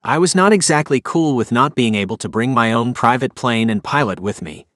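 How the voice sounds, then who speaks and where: A man's voice: medium pitch, animated, a little fast, a bit bright, no room sound, clean studio sound, close to an everyday voice. A man voicing a spoiled, snooty rich young heir in an audiobook, with a sneering, haughty way of talking.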